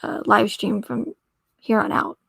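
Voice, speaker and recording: A woman's voice: on the high side, unhurried, gravelly, fairly bright tone, slightly rough, no room sound. A woman hosting a casual livestream, reading aloud and rambling, often trailing off, correcting herself and laughing. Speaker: livestream host.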